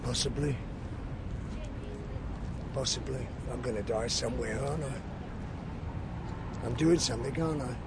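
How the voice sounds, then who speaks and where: A man's voice: mid-range voice, steady tone, moderate pace, pauses often, heavy background noise. A man, a peace campaigner, giving angry, profane interview answers and asking many rhetorical questions.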